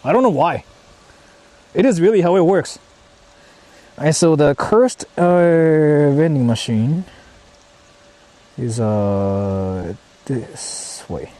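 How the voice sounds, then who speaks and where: A man's voice: a little high, warm tone. A man from Japan livestreaming outdoors in the mountains, rambling casually with slang and swearing. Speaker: streamer.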